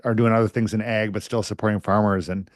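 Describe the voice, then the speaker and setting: Low-voiced host guy, lots of quick yeahs and mm-hmms, dry close sound. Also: little pitch movement, no echo. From United States. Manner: affirming listener with frequent short agreements. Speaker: podcast host. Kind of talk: casual interview conversation.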